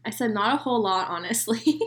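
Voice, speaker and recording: A woman's voice: on the high side, animated, brisk. Giggly young woman co-hosting a podcast. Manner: bubbly, giggly, reads questions aloud. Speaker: podcast co-host. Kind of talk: casual chat.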